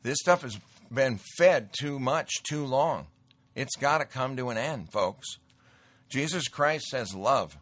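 A man's voice: medium pitch, expressive, slow, a bit bright, no room sound. A middle-aged man hosting a commentary show, talking emphatically in a rambling way, often repeating himself. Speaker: host. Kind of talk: political commentary and sales pitch.

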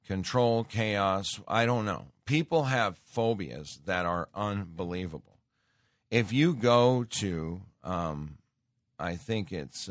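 A man with a deep, low voice talks through a loose, rambling studio monologue as a show host. He doubles back and restarts often. The sound is close and dry, with no room around it. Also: no room sound. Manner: rambling, conversational, with frequent restarts and filler. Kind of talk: casual radio monologue. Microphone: studio microphone.

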